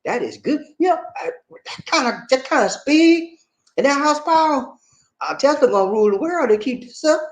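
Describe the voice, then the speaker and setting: In casual live chat, a man reads viewers' comments aloud, laughing often and calling them "man" and "buddy." His sing-song voice moves at a moderate pace, ranging from low asides to high exclamations.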